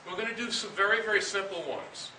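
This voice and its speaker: A man with a fairly high voice teaches breathing exercises, patiently repeating his points and counting beats aloud. He sounds far from the mic in an echoing room, with steady noise under the voice. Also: fast. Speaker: band director teaching breathing. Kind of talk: instructional talk to students. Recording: echoey room, distant mic, noisy.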